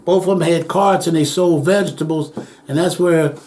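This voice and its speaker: A man's voice: fairly high pitch, normal speed, darkish tone. An older man recounting childhood memories in an oral history interview, acting out the voices of people he quotes and chuckling as he goes.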